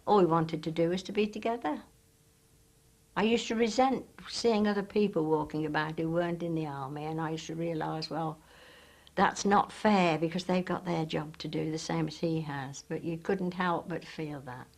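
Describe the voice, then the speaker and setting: A woman's voice: sits low, normal speed, darkish tone. Older woman, candid and wistful. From Britain. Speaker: interviewee. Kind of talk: personal reminiscence.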